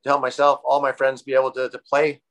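A man as a guest on an interview podcast, rambling and halting with many fillers and restarts. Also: medium pitch, completely flat delivery, fairly bright tone, rough recording. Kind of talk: casual interview talk.

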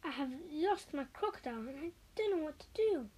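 A woman's voice: sits high, lively intonation, fairly quick, warm tone. A woman voicing an anxious lady frantically asking strangers for her lost crocodile. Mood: frantic. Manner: frantic, pleading.

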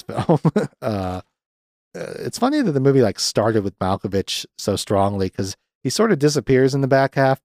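A young man hosting a podcast, recapping a film in a rambling, profane, sardonic way and jumping into quick raised voices to mimic the characters. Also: lowish voice, darkish tone, dry recording, clean studio sound. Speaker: podcast host.

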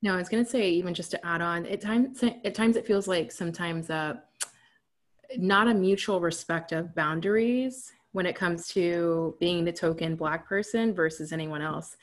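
A woman with a somewhat low voice speaks steadily and articulately as a guest on a panel. She lays out her points in a calm, measured way. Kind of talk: casual panel discussion.

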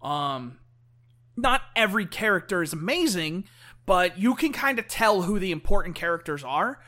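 A man with a high, bright voice gushing in a casual chat. He talks excitably and scatters "like" through every sentence, laughing along as he goes. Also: moderate pace. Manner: excitable, full of "like" fillers.

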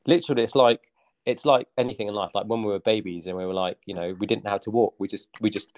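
Energetic motivational man. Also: lowish voice, quick pace. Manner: energetic, motivational, many fillers. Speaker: fitness coach guest. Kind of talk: casual podcast chat.

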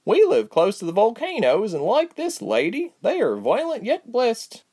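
A man voicing an excitable, motherly innkeeper's wife who speaks with gushing emphasis in a storybook. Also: very high-pitched, normal speed, slightly rough, pitched above the performer's own voice, full character voice.

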